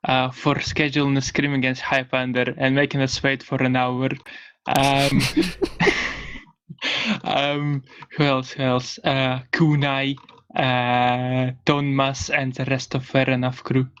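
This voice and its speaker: Man, co-caster, fake Scandinavian accent, unhurried, flat, voice chat. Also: medium pitch, clean tone, dull audio. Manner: joking in a put-on Scandinavian accent. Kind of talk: casual post-match chat. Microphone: online voice chat.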